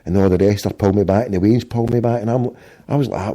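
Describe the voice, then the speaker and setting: A middle-aged Scottish man with a gravelly, very dark voice spins a rambling story in casual podcast talk. He swears freely and acts out every exchange, slipping into the voices of the people he quotes. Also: lowish voice, fairly even intonation, fast. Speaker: podcast host.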